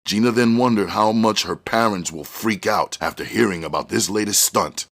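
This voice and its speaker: Deep-voiced man reading a story. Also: normal speed, a bit bright. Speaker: audiobook reader.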